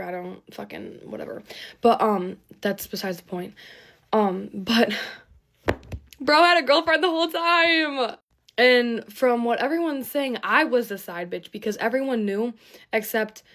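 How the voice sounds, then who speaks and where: A young woman talks to her phone camera while getting ready. She rambles and swears as she tells her story, full of fillers, clearly shaken. Her voice sits at an ordinary pitch for a woman. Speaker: TikTok storyteller.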